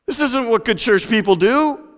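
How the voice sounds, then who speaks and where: A man's voice: extremely high pitch, lively intonation, normal speed, in a large hall, voice pushed up. A man voicing a scandalized, self-righteous churchgoer who sputters with outrage. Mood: indignant.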